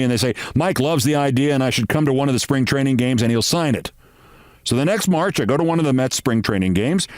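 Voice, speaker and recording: A man's voice: medium pitch, no room sound, studio quality. A man hosting his show, telling a long anecdote and acting out the people he quotes. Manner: animated, acts out quoted people. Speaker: host. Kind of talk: storytelling monologue.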